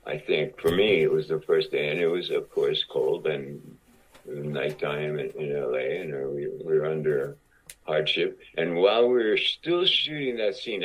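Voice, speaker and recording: Man, 60s, actor guest, slow deep storyteller who acts out the lines of others, muffled lo-fi audio. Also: breathy edge. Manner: acts out other people's lines while telling stories. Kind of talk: casual anecdote telling.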